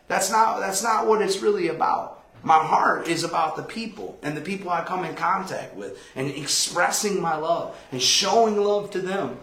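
A man pastor giving a conversational Bible study sermon, telling stories with animated quoted voices. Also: fairly high pitch. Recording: echoey room.

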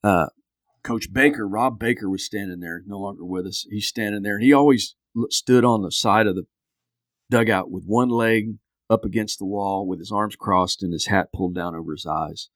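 A man's voice: fairly low pitch, normal speed, dry recording, clean studio sound. A man in his fifties, a podcast guest, casually telling a long story and acting out other people's lines. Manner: animated storyteller who acts out quotes.

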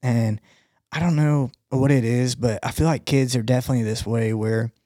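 A man's voice: medium pitch, steady tone, moderate pace, warm tone, dry recording, studio quality. A man co-hosting a podcast, telling a rambling story in casual chat, full of fillers and bursts of laughter. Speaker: podcast co-host.

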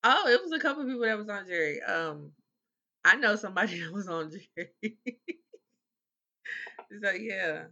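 A man's voice: high voice, animated, moderate pace, creaky, long pauses, sharp tone. A young man co-hosting a podcast, easygoing, often agreeing with "right" and recapping stories at length. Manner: laid-back, agreeing with frequent "right", long recaps. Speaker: podcast co-host. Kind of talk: casual chat. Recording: slightly dull, lo-fi sound.

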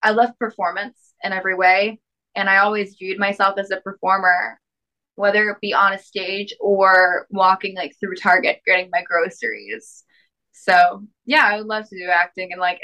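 A woman's voice: mid-range voice, level tone, moderate pace, sharp tone, poor audio. A young woman with a lisp, chatting upbeat as a podcast guest with many fillers. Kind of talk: casual interview chat.

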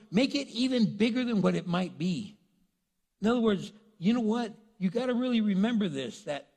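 A man preaching a sermon, retelling a story in a lively, conversational way and acting out the characters. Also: sits high, breathy edge. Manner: animated storytelling, acts out characters. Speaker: pastor. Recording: long reverb in a large hall.

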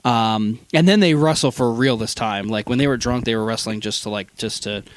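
Male podcast co-host, animated storyteller, plenty of "um" and "like", dry close recording. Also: mid-range voice, fairly quick, dry recording. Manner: animated retelling with acted quotes, many fillers. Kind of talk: casual film review chat.

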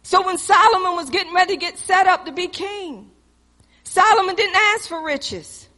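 A woman preaching with passion, her very high, bright voice surging loud and then dropping to a hush. A long hall reverb trails behind her words. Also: normal speed. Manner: passionate, swinging between loud exhortation and hushed intensity. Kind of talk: sermon.

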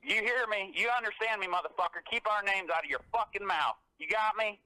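Furious high-voiced male caller. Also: a little fast, sharp tone, no room sound, rough recording. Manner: aggressive, threatening, heavy cursing. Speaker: angry caller. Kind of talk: profane phone rant.

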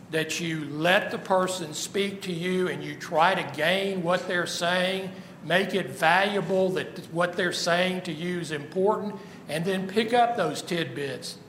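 A man's voice: sits high, a bit bright, roomy sound, in a large hall, a little hiss or hum. A man preaching a sermon, asking the listeners rhetorical questions and stressing points emphatically.

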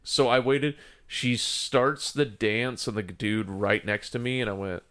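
A man's voice: medium pitch, steady tone, a little slow, fairly bright tone. Rambling man laughing through a story. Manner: rambling, laughing, profane, full of fillers. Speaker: podcast host telling a story. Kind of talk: casual storytelling chat.

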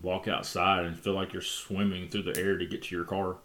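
A man's voice: low voice, a little fast. Middle-aged man telling a family story. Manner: animated storyteller, laughs often. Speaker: podcast co-host. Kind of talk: casual family chat.

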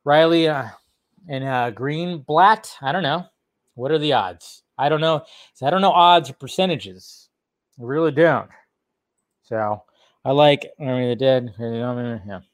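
A man's voice: medium pitch, a little slow. A man hosting a casual film news livestream, reading out viewers' chat questions and answering them in a loose, rambling way with free swearing. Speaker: film news channel host.

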